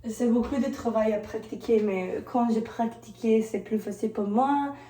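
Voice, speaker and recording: A woman's voice: fairly high pitch, moderate pace, mellow, echoey room, far from the mic, slight background noise, poor audio. A woman from Detroit chatting casually in a vlog, playful and laughing often, with a mixed accent that partly sounds British. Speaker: vlogger. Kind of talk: casual chat while working.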